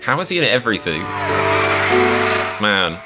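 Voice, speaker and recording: A man's voice: lowish voice, sing-song, moderate pace, over loud music. A man giving casual reaction commentary as a comedian, chatty and wry, with lots of fillers and self-mocking asides.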